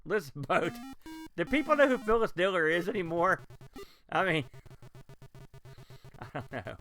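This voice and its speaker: A man commentating live as he plays old video games, talking to his chat and reacting loudly to what happens on screen. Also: sits high, measured pace, faint music behind. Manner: excitable, reacts loudly to gameplay and talks to chat. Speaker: game streamer. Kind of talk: live game-stream commentary.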